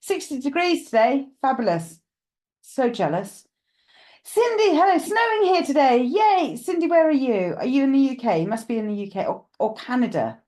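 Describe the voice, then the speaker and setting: A woman's voice: a little high, big pitch swings, a little fast, mellow. Chatty woman hosting a live stream. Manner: chatty, greets viewers by name, rambling asides. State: slight cough. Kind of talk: casual live-stream chat.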